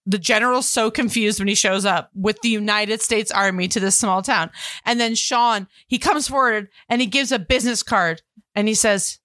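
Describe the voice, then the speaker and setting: Bright-voiced woman co-hosting a podcast. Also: mid-range voice, moderate pace, dry recording, studio quality. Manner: animated, acts out quoted lines. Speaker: podcast co-host. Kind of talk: casual chat about a movie.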